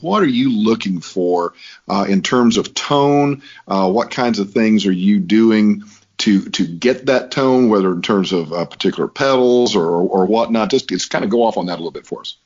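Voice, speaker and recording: A man with a fairly low voice asks questions as a co-host, hesitant and full of fillers. The audio is slightly muffled and lo-fi. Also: expressive, moderate pace, darkish tone. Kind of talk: casual interview questions. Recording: dull lo-fi sound.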